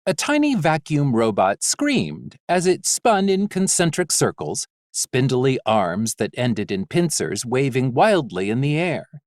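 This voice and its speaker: A man reading a fantasy audiobook aloud, slow and measured. His pitch rises and falls lively through the story, in a dry, close recording. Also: dry recording. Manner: expressive, measured. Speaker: audiobook narrator. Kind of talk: scripted narration.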